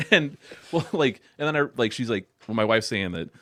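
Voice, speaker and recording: A man's voice: mid-range voice, very animated, measured pace, sharp tone, dry recording. A young man chatting as a podcast guest, telling rambling stories with plenty of swearing and laughter. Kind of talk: casual chat.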